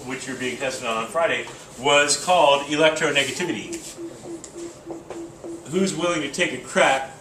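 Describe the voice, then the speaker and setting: A man's voice: fairly high pitch, sharp tone, a little hiss or hum. A man teaching chemistry to a class, casual and joking, thinking aloud with fillers. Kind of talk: classroom lecture. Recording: roomy classroom from a distance.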